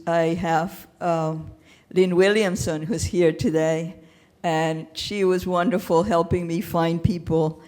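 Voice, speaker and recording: A woman hosting a poetry event at a library, thanking the people who helped and introducing the next reader, halting now and then with fillers. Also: on the low side, a little mellow. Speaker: event organizer and host.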